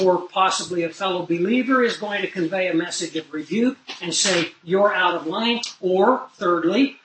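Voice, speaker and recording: High-voiced man preaching a sermon. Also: a little hiss or hum, low-quality recording. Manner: earnest storytelling preacher, swings from loud emphasis to low asides.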